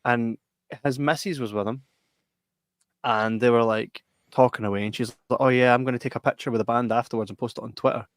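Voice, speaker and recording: A Scottish man co-hosting a casual podcast, his voice at a middle pitch. He tells animated, sweary stories and laughs often. The sound is dry and close to the mic. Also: a little fast, no room sound. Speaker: podcast co-host. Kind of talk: casual chat.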